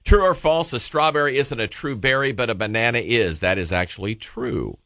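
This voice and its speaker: A man co-hosting a live radio morning game show with energetic, teasing banter. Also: mid-range voice, normal speed, no echo, studio quality.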